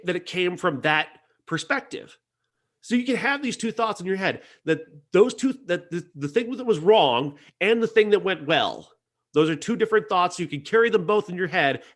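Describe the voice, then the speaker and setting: A man's voice: sits high, animated, moderate pace, a bit bright. A man reviewing a film on a podcast, talking earnestly and casually, with frequent restarts and self-corrections. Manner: earnest, hesitant with many restarts.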